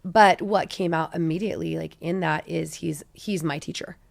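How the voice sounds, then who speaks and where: A middle-aged woman hosts a relaxed interview and tells her stories in an animated, chatty way. Her voice sits fairly low and has a gravelly fry. The sound is close and dry. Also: normal speed, dry recording. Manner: warm, chatty, animated storytelling. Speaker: podcast host. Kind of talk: casual interview chat.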